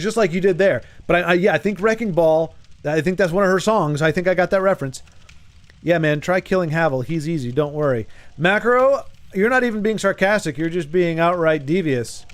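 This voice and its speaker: Rambling, joking man streaming a game. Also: sits high. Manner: joking, rambling, talks to chat. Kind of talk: casual gameplay commentary.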